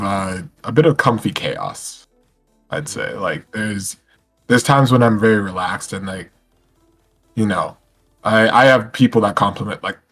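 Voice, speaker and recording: Man, podcast guest, very deep voice, husky, soothing, hesitant delivery. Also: a bit bright. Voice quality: relaxing voice. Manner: hesitant, full of fillers and restarts. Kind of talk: casual podcast chat.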